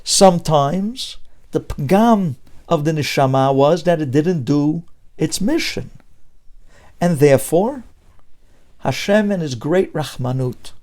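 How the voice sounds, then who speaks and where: A man's voice: on the high side, darkish tone. A man giving a Torah sermon as a rabbi, preaching emphatically with rhetorical questions and mixing Hebrew terms into English.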